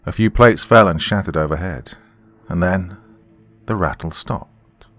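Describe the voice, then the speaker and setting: A man narrating a scripted horror story in a measured, dramatic way as podcast host. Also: low-pitched, a bit bright, soft background music.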